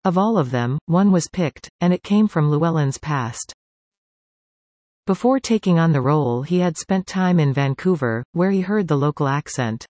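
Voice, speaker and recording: A male reporter reads a scripted news segment with measured, informative pacing. His voice sits a bit above the usual male range. The recording is dry, with no room sound. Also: a little high, animated, darkish tone, no echo.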